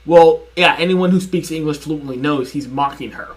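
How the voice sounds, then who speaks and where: A man's voice: on the high side, moderate pace. A young man hosting a commentary video, arguing point by point in a sarcastic, repetitive way. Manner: argumentative, sarcastic, repeats and restarts. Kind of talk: reaction commentary.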